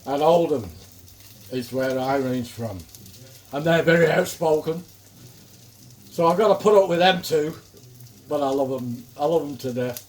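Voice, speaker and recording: Cooking on a griddle, this older English cooking vlogger makes casual conversation in a Manchester accent and swears now and then. His voice is on the high side with a darkish tone. He talks a little slowly, leaving long pauses.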